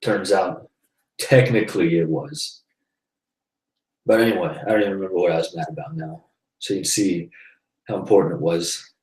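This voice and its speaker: A man's voice: low voice, moderate pace, pauses often, darkish tone, far from the mic. A man hosting a live web broadcast, telling a personal story in a loose, rambling way, often sighing and laughing between thoughts. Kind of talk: casual faith-based monologue. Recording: roomy echo, voice off the mic.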